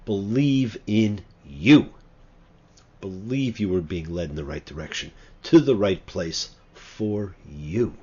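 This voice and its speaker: A man's voice: deep voice, animated, a little slow, warm tone, husky, dull audio. A man, a rabbi, giving a sermon-style talk on his show, reading scripture with dramatic, emphatic swings.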